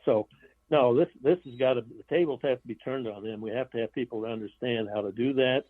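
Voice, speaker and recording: A man being interviewed as an author, talking in halting, restarted phrases with blunt opinions. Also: mid-range voice, dry recording. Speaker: author and guest. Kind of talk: interview over the phone. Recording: tinny phone line.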